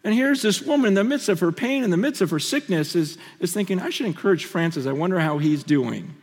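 Guy preaching a sermon, kinda high voice, goes big then real quiet, lots of hall echo. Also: a little fast. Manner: swings between animated bursts and hushed, intimate storytelling. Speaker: pastor. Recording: long reverb of a large hall.

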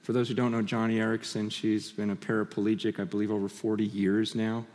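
A man preaching a sermon, swinging between animated bursts and hushed, intimate storytelling. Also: lowish voice, a little fast. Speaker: pastor. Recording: long reverb of a large hall.

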